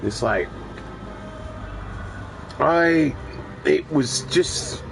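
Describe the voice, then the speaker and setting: Casual gamer guy, unhurried and gravelly, rambling and profane. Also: mid-range voice, animated, low-quality recording. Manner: rambling, profane, restarts often. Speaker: gaming streamer. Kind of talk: casual chat while gaming.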